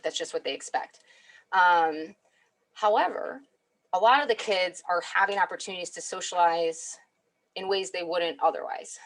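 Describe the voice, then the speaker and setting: A woman giving a chatty webinar talk as a clinical psychologist, often asking "right?". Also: lowish voice. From United States. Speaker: clinical psychologist guest speaker.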